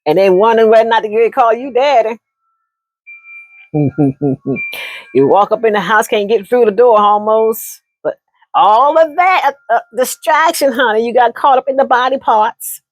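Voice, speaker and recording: A woman's voice: a little high, normal speed, no room sound. A woman telling a story and giving relationship advice in a casual monologue, laughing often and calling listeners honey.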